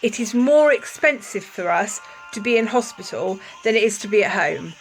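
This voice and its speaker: A woman's voice: mid-range voice, lively intonation, normal speed, faint music behind, low-quality recording. A woman vlogging straight to her viewers in a mid-range voice. She speaks with emphatic indignation and breaks off to apologise. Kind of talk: casual vlog to camera.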